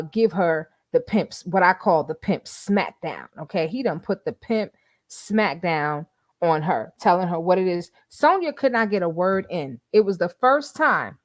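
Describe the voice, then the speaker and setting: A woman's voice: fairly low pitch, dry recording, clean studio sound. An older woman hosting a casual livestream, chatting and gossiping with frequent laughs. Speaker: YouTube host.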